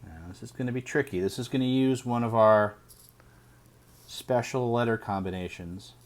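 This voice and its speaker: A man teaching a phonics lesson, sounding out each word slowly and deliberately. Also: mid-range voice. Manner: slow, deliberate sounding out of words.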